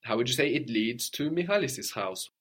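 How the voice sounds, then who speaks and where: A man teaching a language lesson, patiently modeling phrases slowly and coaxing his student. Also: medium pitch, animated, a bit bright, slightly rough.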